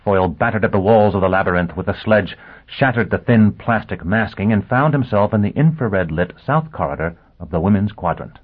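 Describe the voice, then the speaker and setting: A man reading a novel aloud as narrator, in a steady, measured way. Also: fairly low pitch, slightly rough. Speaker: audiobook narrator. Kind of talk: scripted narration. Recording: tinny lo-fi phone-like audio.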